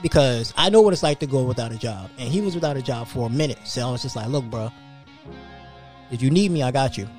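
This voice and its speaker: A male podcast host telling a story in casual chat, animated and laughing, acting out the quotes. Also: medium pitch, fast talker, faint music behind.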